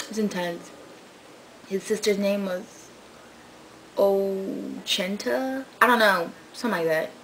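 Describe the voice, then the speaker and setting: A young woman rambles through a story for her vlog, excitable and full of fillers. She bursts out loudly, then drops to a mutter. Her pitch sits in the middle of a woman's range, and a faint hiss of noise runs behind her. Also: rough recording. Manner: swings from loud outbursts to muttered asides. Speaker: vlogger. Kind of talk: casual vlog chat.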